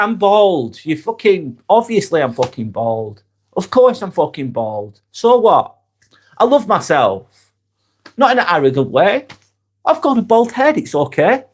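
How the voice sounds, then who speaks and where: A man hosting a live stream, talking candidly and bluntly, swearing freely and reading out viewer comments as they come in. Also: on the high side. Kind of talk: casual live-stream chat.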